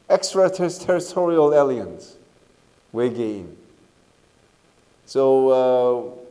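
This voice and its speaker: A middle-aged man with a Korean accent giving a university lecture, unhurried and often checking in with "okay?" and "right?". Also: on the high side, mellow. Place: lecture hall. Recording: lecture hall with long reverb.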